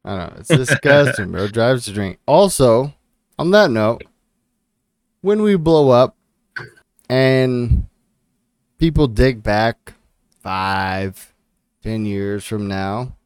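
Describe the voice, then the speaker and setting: A man's voice: mid-range voice, slow pace, pauses often, darkish tone, clear, resonant tone, no echo, studio quality. A man in his thirties co-hosting a podcast, talking in a fired-up, defiant, profane way in casual chat. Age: 30s. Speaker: podcast co-host.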